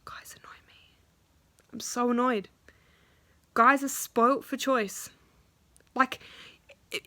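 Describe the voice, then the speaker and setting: A young woman talks straight to her audience in a casual, frustrated rant, swearing often and acting out what others said. Her voice is bright and forward. The recording is dry and close, with no room sound. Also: on the high side, expressive, measured pace, pauses often, no room sound. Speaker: vlogger. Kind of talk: casual ranting vlog.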